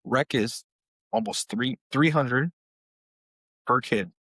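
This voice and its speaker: A man in his thirties co-hosting a podcast, talking about coaching his kids in casual, animated chat. His voice sits at an ordinary middle pitch, and the sound is dry and close with no room echo. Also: takes it slowly. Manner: animated, acts out quotes in a raised voice. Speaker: podcast co-host, youth softball coach.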